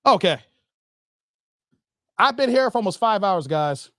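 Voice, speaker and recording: A man's voice: high voice, lively intonation, a little slow, a bit bright, no room sound, clean studio sound. A man hosting a livestream, reading chat comments aloud in casual slangy banter and laughing often.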